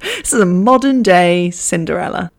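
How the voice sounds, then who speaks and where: A woman's voice: lowish voice, expressive, normal speed. A young woman telling a funny personal story in a chatty, self-mocking way, swearing freely. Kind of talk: casual anecdote.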